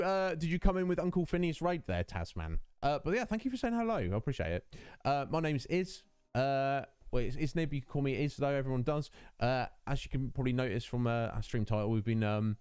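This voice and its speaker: A man's voice: medium pitch, animated, a little fast, hardly any pauses, a little mellow, clean tone, dry recording. A British man in his thirties, a full-time streamer chatting casually and laughing with his viewers. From United Kingdom.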